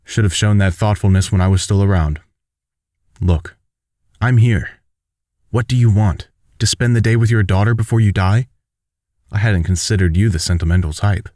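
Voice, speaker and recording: A man's voice: lowish voice, moderate pace, long pauses, warm tone, dry recording, clean studio sound, close to an everyday voice. A man voicing a defiant, bitter young woman who talks sharply and sarcastically in a fan-made audiobook.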